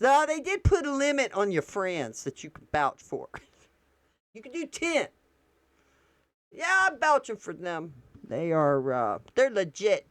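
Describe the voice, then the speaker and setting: A woman's voice: low voice, expressive, a little slow, clear, resonant tone, no room sound. A woman, doing casual political commentary and reacting to posts on screen in a blunt, profane way.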